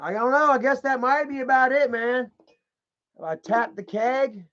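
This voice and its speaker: This commentary vlogger's voice is extremely high and sharp, though his pace is measured. He browses sites online while delivering angry, profanity-laced commentary to viewers, and the sound quality is dull and lo-fi.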